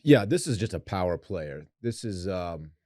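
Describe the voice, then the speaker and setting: A man co-hosts a casual podcast in a laid-back, joking way. His voice is very deep and mellow. The sound is dry and close. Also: sing-song, moderate pace, dry recording. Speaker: podcast co-host.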